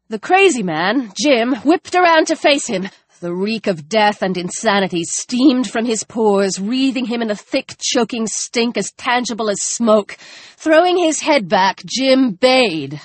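A woman narrating a tense, dramatic novel, dropping her voice low for grim moments. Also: no room sound. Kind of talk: audiobook narration.

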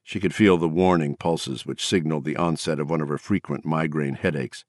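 A man reads a novel aloud in a steady, even manner. His voice is very deep and sits dry and close to the mic. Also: fairly quick, few pauses, no room sound. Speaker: narrator. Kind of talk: audiobook narration.

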